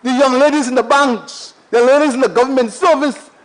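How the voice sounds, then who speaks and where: High-pitched Saint Lucian man orating. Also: fairly quick, low-quality recording. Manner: emphatic oratory, heavy repetition, keeps addressing the Speaker. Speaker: member of parliament. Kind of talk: parliamentary budget debate speech. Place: parliament chamber.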